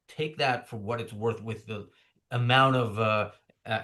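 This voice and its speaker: A man's voice: lowish voice, fairly bright tone. A man hosting a casual political talk show, sardonic in tone, reading out viewer comments. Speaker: show host.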